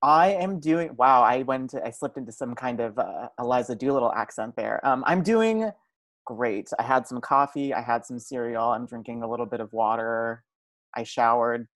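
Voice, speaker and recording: A man's voice: medium pitch, normal speed, a bit bright, no echo. A man in his twenties, a podcast guest chatting casually and telling stories with self-amused flair.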